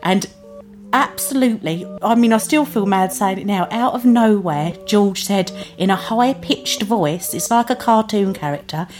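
A British woman with an earnest, plain-spoken, emotional delivery tells her own story as a mother. Her voice sits at an ordinary middle pitch. Music plays clearly underneath her voice. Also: a little slow, darkish tone. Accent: British English. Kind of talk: first-person storytelling.

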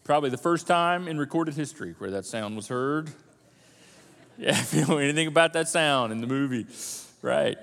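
A male pastor preaching a sermon in an animated, conversational way. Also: a little high, moderate pace, creaky. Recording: long church hall reverb.

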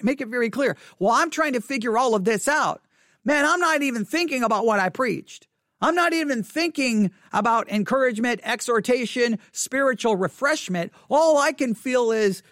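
A male pastor giving a livestreamed sermon in a church sanctuary, candid and self-deprecating, telling a story with lively restarts. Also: sits high, dry recording, studio quality.

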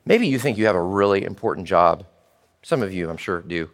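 A man preaching a sermon in church as pastor, animated and speaking directly to the children. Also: deep voice, fairly quick, in a large hall.

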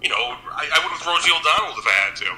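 A man's voice: on the high side, animated, fast, over a noisy crowd, rough recording. A man co-hosting a casual chat, dropping dry, teasing remarks. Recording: faint background noise.

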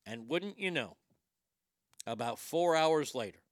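A middle-aged stand-up comedian with a fairly high, unhurried voice tells a crude family story, acting out the quotes in an animated way. The recording is dry, with clean studio sound.

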